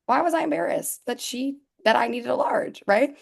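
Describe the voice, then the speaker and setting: A woman's voice: high-pitched, moderate pace, gravelly. A young adult woman chatting casually in a webinar, telling stories animatedly and mimicking voices, heard over a video call. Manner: animated storyteller, mimics her mom.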